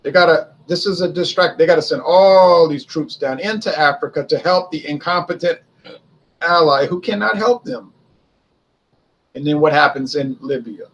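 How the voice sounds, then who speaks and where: Male host, husky, informal history commentary, conversational with rhetorical questions. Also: on the high side, moderate pace, fairly bright tone, muffled recording. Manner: conversational, poses and answers his own rhetorical questions. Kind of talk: casual spoken history commentary.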